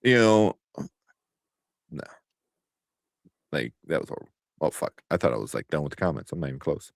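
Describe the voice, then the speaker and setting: A man co-hosting a casual movie podcast, talking in an animated way with swearing and quick impressions. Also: very deep voice, creaky, no echo, studio quality. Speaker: podcast co-host.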